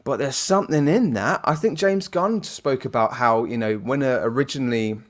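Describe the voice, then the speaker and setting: Rambling podcast host. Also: male voice, mid-range voice, moderate pace. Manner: rambling, hesitant with many fillers. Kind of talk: casual podcast chat.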